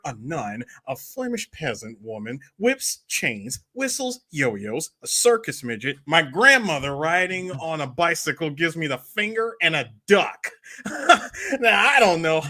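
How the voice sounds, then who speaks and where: A man's voice: fairly high pitch, sharp tone, exaggerated voice. A man doing an impression of an overeager male campaign volunteer who rambles and chuckles through a cold call. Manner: fast, fawning, rambling, chuckling between lines. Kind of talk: film quote impression.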